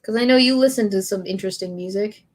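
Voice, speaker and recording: A woman streamer reading lyrics aloud in a deadpan way and chatting with her audience. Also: medium pitch. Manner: slow, deadpan lyric reading with bursts of laughter.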